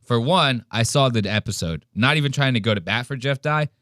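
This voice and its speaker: A man hosting a podcast, mocking a clip with profane, animated reaction commentary. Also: medium pitch, brisk, dry recording, studio quality. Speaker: podcast host.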